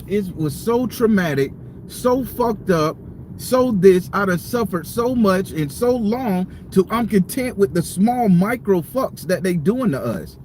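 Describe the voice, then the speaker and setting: High-voiced man ranting heatedly. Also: background noise. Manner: heated, profane, repetitive venting. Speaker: tarot reader and channel host. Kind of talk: live-stream rant. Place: parked car.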